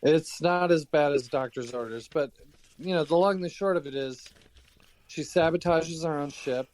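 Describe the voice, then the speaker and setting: A man co-hosting a podcast, recapping a story in a relaxed, joking way. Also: fairly high pitch, moderate pace, rough recording. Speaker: podcast co-host. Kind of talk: casual book discussion.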